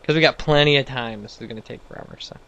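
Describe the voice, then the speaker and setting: A man's voice: mid-range voice, rapid-fire, vocal fry, a bit bright, muffled recording. A man giving casual, rambling let's-play commentary, self-deprecating and full of restarts. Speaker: gameplay commentator.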